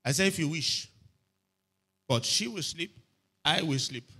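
A man's voice: a little high, animated, a little slow, bright, forceful tone. A man preaching a sermon, telling a story and often asking the listeners if they are hearing him. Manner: storytelling preacher, repeats phrases, asks "are you hearing me?". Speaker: pastor.

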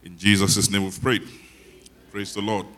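A man preaching a sermon, soft-spoken and conversational, with self-deprecating humor. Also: lowish voice, flat delivery, unhurried. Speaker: pastor.

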